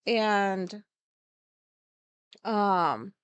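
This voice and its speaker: A woman's voice: medium pitch, very slow, clean tone, dry recording, dull audio. A woman podcast host telling a personal story in a candid, rambling monologue, swearing freely. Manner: frank and profane, rambling with many asides.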